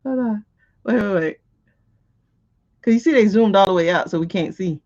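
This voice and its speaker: This woman's mid-range voice moves at a moderate pace through lo-fi sound. As a livestream host reacting to a news clip, she talks casually and in exasperation, animated, laughing, and answering the screen.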